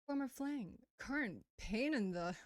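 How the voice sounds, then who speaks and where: A woman's voice: on the high side, animated, measured pace, no echo. A woman playing through a visual novel, reading the story aloud with casual joking asides. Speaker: let's player. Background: game music.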